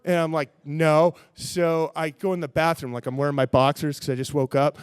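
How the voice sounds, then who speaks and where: High-voiced man telling a rambling story. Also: a little fast, clear, resonant tone, dry recording, clean studio sound. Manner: rambling, filler-heavy, animated. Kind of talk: live stage storytelling.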